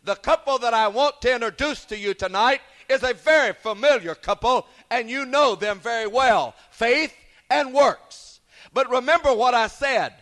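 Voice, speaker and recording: Guy preaching a revival sermon, really high voice, punches his words, slows right down for the bible bits. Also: a bit bright. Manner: emphatic preaching with repeated "Praise God" and call-and-response.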